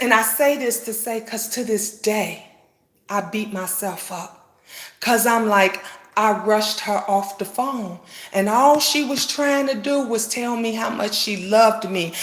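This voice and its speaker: Middle-aged woman vlogger, high-pitched and impassioned, preaching to viewers in an echoey room. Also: a bit bright. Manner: emotional, impassioned, with repeated phrases and blunt swearing. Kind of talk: heartfelt preachy monologue to viewers. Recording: roomy echo.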